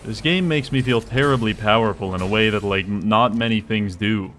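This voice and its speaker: A young man streaming a game, chatting casually with jokes and sudden excited exclamations as he plays. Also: on the low side, moderate pace, slight background noise. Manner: rambling, joking, bursts into excited exclamations. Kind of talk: casual live gameplay commentary.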